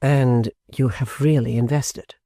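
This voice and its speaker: A man voicing a grave, thoughtful middle-aged gentleman in an audiobook, speaking slowly and in a measured way. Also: steady tone, dry recording, studio quality. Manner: slow, measured, low.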